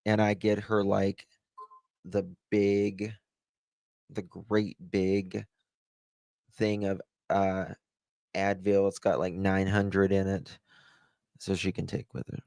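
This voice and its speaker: A man's voice: low voice, completely flat delivery, slow, gravelly, long pauses, darkish tone, clear, resonant tone, no echo. A man from the United States hosting a livestream, rambling chattily as he thanks viewers and tells stories. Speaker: livestream host.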